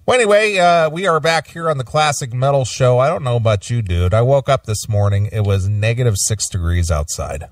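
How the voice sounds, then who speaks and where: A man hosting a casual radio talk show from his studio, relaxed and full of filler uhs. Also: medium pitch, fairly quick, hardly any pauses, no room sound, recorded from a distance.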